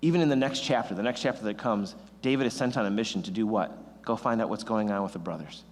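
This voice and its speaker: A man's voice: on the low side, fast talker, in a large hall. A young man preaching a casual youth sermon, rambling and self-deprecating, addressing students directly. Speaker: youth pastor.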